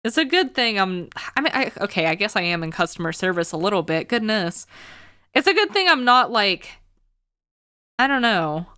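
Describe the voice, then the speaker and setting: A woman's voice: mid-range voice, sing-song, normal speed, bright, forceful tone, clear, resonant tone, no room sound, clean studio sound. A young woman streaming a game, chatting casually with a sarcastic edge and frequent laughter. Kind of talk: casual chat while livestreaming a game.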